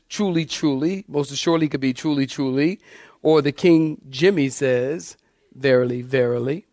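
A man's voice: fairly high pitch, a little mellow, no echo, studio quality. A man preaching an expository sermon, reading scripture aloud and calling his congregation saints, with emphatic shifts in pace and volume. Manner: preacher addressing congregation as saints, asking them to follow along. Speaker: pastor.

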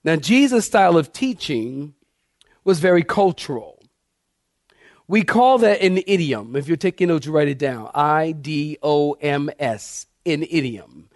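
A man's voice: a little high, lively intonation, a little slow, no room sound. Emphatic male preacher, dry sound. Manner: preacher addressing congregation as saints, asking them to follow along; emphatic, varying pace and volume for effect. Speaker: pastor. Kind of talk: expository sermon reading scripture.

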